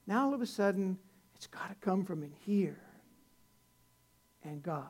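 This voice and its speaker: A man's voice: sits high, sing-song, normal speed, long pauses. An older man, a pastor, preaching a conversational sermon in a folksy, rambling way, with many restarts, rising to earnest emphasis.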